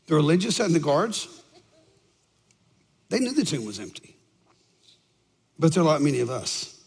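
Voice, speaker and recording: A man preaching to a church congregation, his voice pitched high and rough with fry. He speaks in an animated storytelling way and puts on voices for the people in his stories. The sound carries a long reverb from a large hall. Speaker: pastor. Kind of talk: sermon. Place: church sanctuary with audience.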